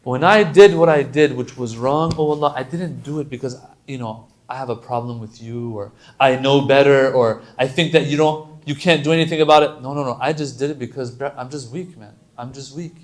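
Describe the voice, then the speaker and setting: A man giving a conversational, animated religious lecture with slangy asides and Arabic recitation. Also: mid-range voice, brisk, few pauses. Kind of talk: sermon.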